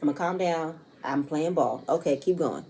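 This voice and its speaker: A chatty woman recaps a reality show episode in a casual, blunt way. Her voice sits a bit low and sounds warm and mellow, and she swears freely as she goes. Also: moderate pace, slightly rough. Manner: chatty, repeats "you know what I'm saying", swears freely.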